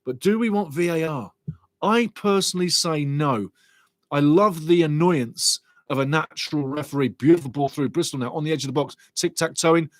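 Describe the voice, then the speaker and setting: A middle-aged man hosts a live football watch-along, calling the play with excitable, chatty energy. His voice sits a touch high, and the sound is dry and close with no room around it. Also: normal speed, no echo. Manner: excitable, chatty, reads viewer comments aloud.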